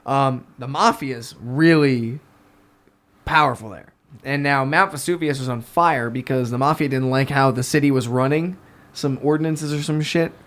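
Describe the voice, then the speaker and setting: A man's voice: mid-range voice, normal speed, a bit bright. A young American man telling a travel story on a casual podcast, swearing often and laughing as he goes. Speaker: podcast guest.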